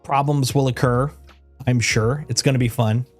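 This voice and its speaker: A man in his own easy streamer voice, sitting mid-range in pitch and chatting to viewers. His sentences ramble and restart, he laughs readily, and he dotes on his dog in cooing baby talk. Faint music plays quietly behind him. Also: steady tone, moderate pace. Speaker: game streamer. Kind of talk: casual livestream chat.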